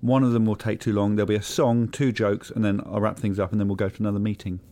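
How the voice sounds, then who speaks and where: A middle-aged man hosting a comic podcast, talking in a dry, deadpan, whimsical way. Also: lowish voice, quick pace. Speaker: podcast host.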